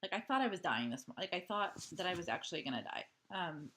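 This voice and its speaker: A woman's voice: lowish voice, lively intonation, quick pace, fairly bright tone, slight background noise. A woman chatting casually at home in a video diary, rambling with lots of "like" and "um". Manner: rambling, full of "like" and "um" fillers. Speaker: vlogger. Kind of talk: casual diary-style chat.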